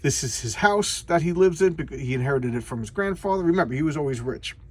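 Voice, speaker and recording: A man's voice: on the high side, expressive, fast talker. A man casually recapping a comic book in a rambling, sarcastic way, with many restarts. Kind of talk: casual video commentary.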